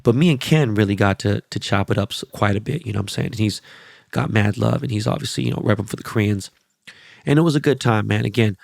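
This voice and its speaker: A man hosting his podcast, rambling through sports and celebrity stories with constant swearing and animated asides. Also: fairly low pitch, fast talker, creaky, no echo, studio quality. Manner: profane, rambling, animated storytelling. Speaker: podcast host. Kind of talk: casual podcast monologue.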